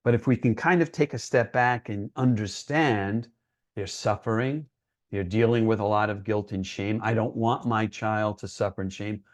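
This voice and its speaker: A man's voice: fairly low pitch, moderate pace. Earnest man giving a parenting talk. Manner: conversational, often checks in with "right?"; earnest, reassuring. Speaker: presenter for parents. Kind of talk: educational presentation.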